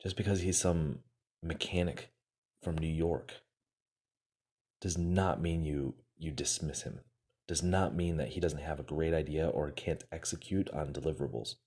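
A man's voice: rumbling low, steady tone, moderate pace, mellow, slightly rough. A man casually retelling a success story to motivate his listeners, acting out the quoted lines and using many fillers.

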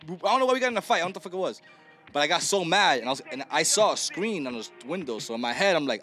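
A man with a fairly high voice hosts a loose podcast conversation, his pitch jumping all over as he tells stories. He laughs through his own tales and acts out the people in them. Soft music plays underneath. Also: quick pace. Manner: animated storyteller, laughing, acting out voices. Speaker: podcast host. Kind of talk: casual chat.

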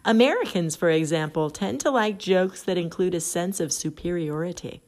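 Using a phone app to record, a middle-aged female podcast host talks casually and reads an article out loud, often laughing as she goes. Her voice is fairly low and a little mellow, at a moderate pace.

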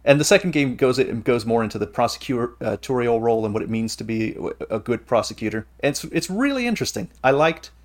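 A man of middle pitch hosts a casual podcast, talking things through in long, eager, rambling explanations. His talk is loose and conversational, circling back on itself as he builds his point. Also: animated, fairly quick, few pauses. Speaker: podcast host.

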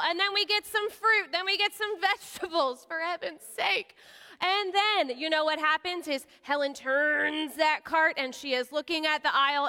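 A woman preaching a sermon, telling stories and acting out the voices of her characters. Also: high voice. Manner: animated, acts out voices of characters. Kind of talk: sermon with storytelling. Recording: large hall with long reverb.

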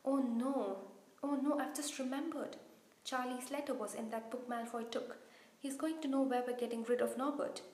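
A woman voicing a hoarse, anxious schoolboy fretting from a hospital bed, in a roomy-sounding recording. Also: high voice, steady tone, moderate pace, a little mellow, close to an everyday voice. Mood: panicked. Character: worried schoolboy stuck in the hospital wing, hoarse. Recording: roomy echo.

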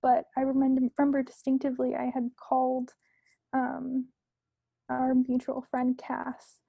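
A young woman, a podcast guest, talking casually and earnestly about herself, with many fillers and soft asides. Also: high voice, monotone, measured pace, vocal fry, no room sound, narrow, tinny audio.

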